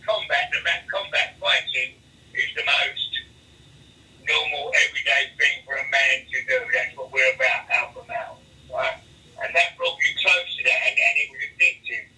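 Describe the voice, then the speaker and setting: A man's voice: medium pitch, sharp tone, distant mic, low-quality recording. A man telling blunt, profane prison and street anecdotes as an interview guest, in a rambling, casual way. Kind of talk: casual storytelling chat.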